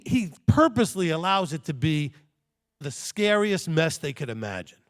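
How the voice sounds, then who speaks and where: Male teacher in his fifties, gravelly, higher-pitched, very animated sermon delivery with mocking asides. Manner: animated and jokey, with mocking quoted voices. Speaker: teacher at a Torah study. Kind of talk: lively sermon-style teaching.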